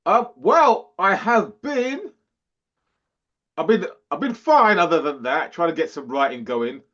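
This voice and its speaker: A man's voice: on the high side, a bit bright. A man co-hosting a podcast, chatting casually and animatedly, laughing and acting out quotes. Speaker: podcast co-host. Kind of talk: casual chat. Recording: dull lo-fi sound.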